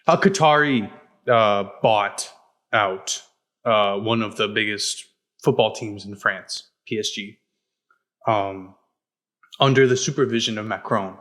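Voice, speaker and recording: A man's voice: on the low side, a bit bright. A young man co-hosting a podcast, explaining in a blunt, profane, casual way while hedging often. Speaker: podcast co-host. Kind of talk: casual chat.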